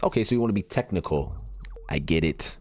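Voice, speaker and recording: Streamer, male, very low voice, loose chatty delivery reacting to chat, soft music underneath. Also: lively intonation, brisk. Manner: chatty, reacts to viewer comments and posts as he reads them. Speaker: game streamer. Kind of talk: casual live-stream chat.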